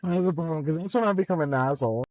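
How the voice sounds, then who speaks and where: A man's voice: on the high side, quick pace, darkish tone, no room sound, low-quality recording. A man hosting casual banter with his wife, joking and laughing often while driving. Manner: joking, provoking, laughs a lot. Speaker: podcast host.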